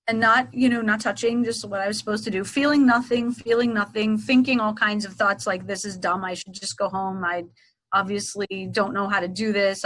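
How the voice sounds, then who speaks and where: A woman's voice: medium pitch, rough recording. A middle-aged woman, a Reiki teacher and guest, casually telling a story in an interview and acting out past conversations. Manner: animated, acts out past dialogue.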